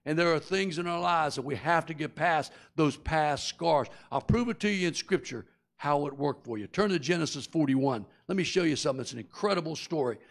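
A man's voice: a little high, brisk. A middle-aged man preaching a sermon, telling a folksy story and acting out its characters before turning earnest and confessional. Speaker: guest preacher.

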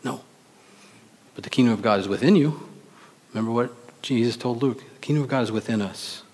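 A male pastor preaching a sermon, animated, acting out quoted voices and asking the congregation rhetorical questions. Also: medium pitch, a little fast, slightly rough. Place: church sanctuary. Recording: long reverb of a church hall.

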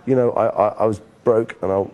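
A man from Liverpool, England, an actor telling lively anecdotes in an interview, often restarting his sentences. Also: lowish voice, a little fast, dull audio. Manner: animated storyteller, frequent restarts. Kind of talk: candid anecdotal interview talk.

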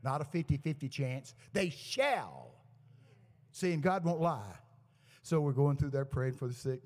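Man, guest preacher, storytelling sermon, lively quoted dialogue, echoey church hall. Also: mid-range voice, normal speed. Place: church service to a live congregation.

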